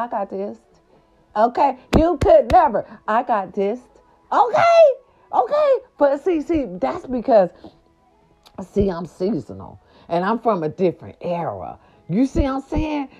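A middle-aged woman vlogging casual gossip with salty, profane slang, swinging up into high squeals and playful growls. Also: darkish tone, lo-fi sound.

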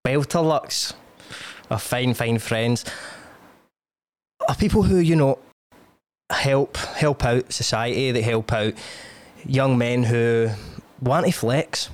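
A man's voice: mid-range voice, slow pace, no room sound. Brash man reading an ad. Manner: brash, joking sponsor read. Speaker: podcast host. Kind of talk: casual chat and ad read.

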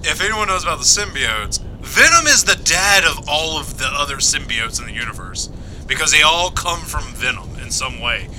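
A man's voice: on the high side, expressive, moderate pace, sharp tone, slight background noise, poor audio. A man rambling casually with friends, often restarting his sentences. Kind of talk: casual chat among friends.

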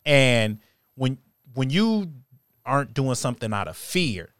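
A man's voice: medium pitch, sing-song, measured pace, fairly bright tone, clean tone, no room sound. Easygoing male podcast host, dry mic. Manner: conversational, affirming, playful asides. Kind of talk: casual faith discussion.

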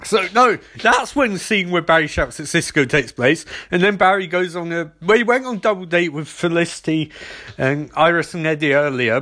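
Male, slightly high voice, casual sarcastic episode recap, quick mocking character bits. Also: a bit bright. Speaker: TV episode reviewer.

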